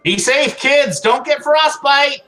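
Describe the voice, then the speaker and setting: A man's voice: a little high, huge pitch swings, slow pace, voice pushed up, heavily acted. A man voicing an awkward, cheerful young man in a tabletop game, talking in a raised, chirpy voice with sudden exclamations. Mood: cheery shouting.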